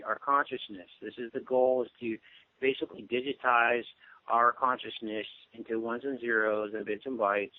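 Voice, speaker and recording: A male radio guest explains at length in a steady, lecturing voice of middle pitch, pausing often on ums. The audio is dry and tinny, like a call with no room sound. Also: dry recording. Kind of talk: casual radio interview talk.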